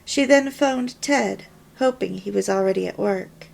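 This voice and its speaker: A woman reading a story aloud in a deliberate, measured way. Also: medium pitch, gravelly, darkish tone. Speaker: reader of a homemaking course.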